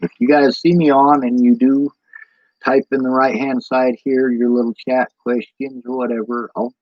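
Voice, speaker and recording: A man's voice: medium pitch, flat delivery, moderate pace, no room sound. A tired man with a Midwestern American accent, rambling casually to his livestream chat and drifting off on tangents. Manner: meandering, goes off on tangents, many ums. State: tired from lack of sleep. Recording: dull lo-fi stream audio.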